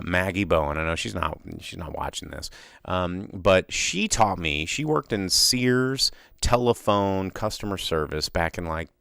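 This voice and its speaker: Gravelly young male host, lively swooping pitch, dry close sound, riffs off chat. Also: dry recording. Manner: animated storyteller who acts out voices, many restarts. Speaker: podcast host. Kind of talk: casual live solo podcast rant.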